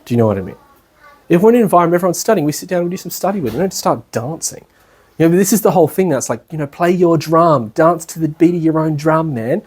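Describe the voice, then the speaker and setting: Chatty Australian man, husky voice. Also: a little high, animated, fast, darkish tone. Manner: chatty and colloquial, often checks in with listeners, acts out people he describes. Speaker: spiritual lecturer. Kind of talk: casual spoken lecture. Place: lecture room at a retreat centre.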